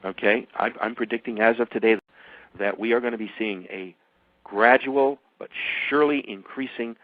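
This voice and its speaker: An older man holding forth as a radio guest, emphatic and rambling, his voice leaping up in pitch and then dropping low. The sound is dry and close, with a dull, muffled top end, like an old radio broadcast. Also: steady tone, normal speed, no room sound. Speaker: author and guest. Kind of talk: radio interview.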